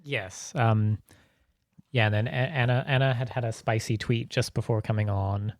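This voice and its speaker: A man's voice: medium pitch, steady tone, normal speed, dry recording, clean studio sound. A man hosting a podcast, chatting casually with rambling, giggly talk full of restarts. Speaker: podcast host.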